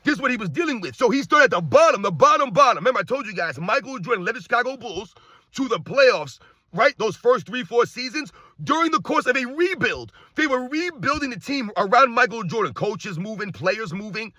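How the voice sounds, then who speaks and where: A man's voice: very high-pitched, animated, brisk, no echo, studio quality. A man giving ranting sports commentary, hammering his point with repeated rhetorical questions and calling out to viewers as guys. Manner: emphatic, repetitive rhetorical questions; addresses viewers as guys, occasional shouting.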